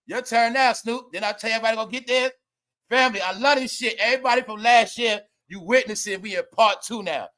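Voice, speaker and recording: A young man hosting a live gossip commentary stream, loud and laughing, often calling out to viewers. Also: high-pitched, fast talker. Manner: loud, laughing, repetitive, addresses viewers as y'all. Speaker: commentary host.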